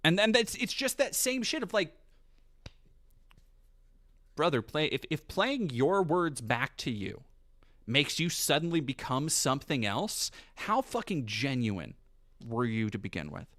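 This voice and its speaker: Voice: medium pitch, big pitch swings, fairly bright tone. Profane ranting commentary streamer. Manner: profane, heated, fast rant.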